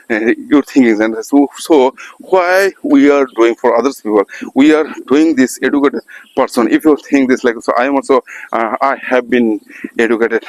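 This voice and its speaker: A man talks through an unscripted practice session. He pauses often, restarts his phrases and reaches for words. His voice sits at an ordinary middle pitch, and the recording is close and dry, with no room sound. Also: no echo, rough recording. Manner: halting, searching for words, many restarts and fillers. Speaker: English practice vlogger. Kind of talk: unscripted spoken English practice monologue. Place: outdoors by a road.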